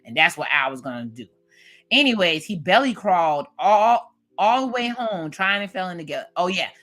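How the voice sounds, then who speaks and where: A woman's voice: fairly low pitch, lively intonation, normal speed, a bit bright. A woman in her late thirties casually recapping a TV episode, animatedly acting out her own reactions to the scenes. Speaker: TV recap vlogger.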